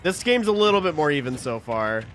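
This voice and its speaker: A man with a fairly high, very animated voice does casual color commentary on a headset. His tone is bright and crisp, and he breaks down the plays and the rules in an easygoing way. Soft music runs underneath. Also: fairly quick. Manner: easygoing, analytical, explains the rules. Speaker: esports co-commentator.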